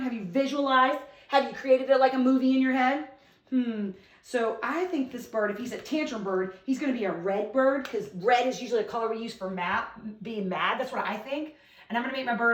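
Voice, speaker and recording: A woman teacher giving an online lesson to young children, reading a poem aloud with slow, expressive emphasis. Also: fairly high pitch, reverberant, far from the mic.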